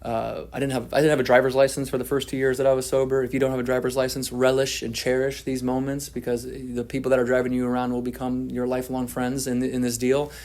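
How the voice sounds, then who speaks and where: A man's voice: medium pitch, completely flat delivery, quick pace, hardly any pauses, darkish tone. A man telling his story at a twelve-step recovery meeting, candid and self-deprecating, often restarting his sentences.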